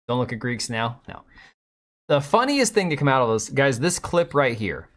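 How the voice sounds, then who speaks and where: With big pitch swings at a normal speed, a man with a mid-range, fairly bright voice hosts a casual live stream. He reacts to clips sarcastically and mockingly and chats with viewers and his cat.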